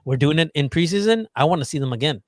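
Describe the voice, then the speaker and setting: Male podcast co-host, upbeat teasing chat, slightly higher voice, dry sound. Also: fast, no room sound. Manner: lively, teasing, explanatory. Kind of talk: casual chat.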